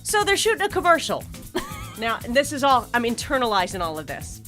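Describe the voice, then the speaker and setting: An American woman in her forties, co-hosting a podcast and telling a story in casual chat, animated and laughing often. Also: fairly high pitch, a little fast, faint music behind. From United States. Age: 40s. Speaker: podcast co-host.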